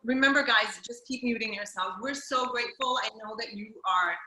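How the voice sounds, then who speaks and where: Host, woman, bright and eager, gushes and tears up on a video call. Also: a little high, a little fast, echoey room, poor audio. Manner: gushing and excitable. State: emotional. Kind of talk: casual video call chat.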